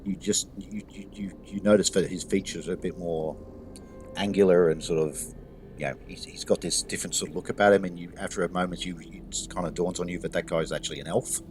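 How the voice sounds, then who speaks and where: A man's voice: deep voice, steady tone, fairly quick, darkish tone, faint music behind. A man narrating as game master in a tabletop game, rambling with many restarts.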